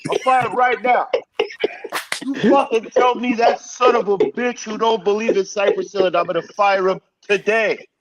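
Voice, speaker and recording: A man voicing a blunt, swearing middle-aged male record label boss who talks gruffly and forcefully. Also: a little high, moderate pace, recorded from a distance, a loud crowd, voice pushed up, natural voice, rough recording. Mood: heated.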